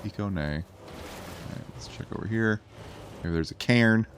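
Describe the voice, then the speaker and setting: Deep-voiced joking gamer guy. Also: measured pace, a little hiss or hum. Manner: joking, crude, self-amused asides. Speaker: let's play streamer. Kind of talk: casual gameplay commentary.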